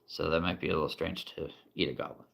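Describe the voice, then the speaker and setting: A man running a tabletop role-play game as game master, playful and quick to chuckle as he addresses his players. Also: deep voice, steady tone, creaky, a bit bright.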